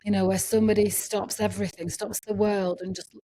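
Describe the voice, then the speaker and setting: A woman podcast host reflecting thoughtfully and softly on what her guest said. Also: medium pitch, little pitch movement. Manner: slow, thoughtful reflection with soft affirmations. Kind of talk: interview conversation.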